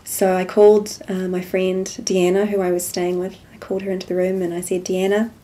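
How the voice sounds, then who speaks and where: Speaking fairly quickly, a soft-spoken woman with a low, even, mellow voice recounts her personal experiences as a spiritual testimony in an interview. She voices the quoted lines of dialogue as she tells the story.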